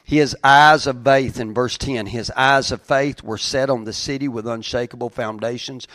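A man's voice: mid-range voice, dry recording. Man preaching a sermon, dry close sound. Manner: swings from quiet reflection to raised, emphatic preaching. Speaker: pastor.

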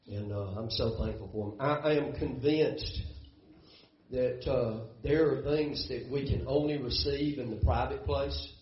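A man's voice: mid-range voice, slight background noise. A middle-aged man preaching a sermon as pastor, folksy and emotional, often repeating words, close to tears. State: tearful. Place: church sanctuary. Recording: roomy, dull church sound.

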